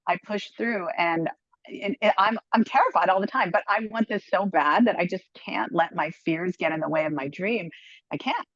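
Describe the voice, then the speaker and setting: A woman's voice: fairly low pitch, moderate pace, fairly bright tone. A middle-aged woman who is an influencer, speaking candidly as a podcast guest and laughing often. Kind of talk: casual interview chat. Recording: slightly dull lo-fi audio.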